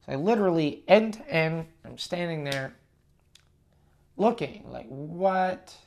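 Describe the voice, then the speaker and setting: A man's voice: on the high side, animated, unhurried, vocal fry, a little hiss or hum. A young man from Canada hosting a podcast, telling a story in a casual, profane, ranting and self-mocking way. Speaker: podcast host.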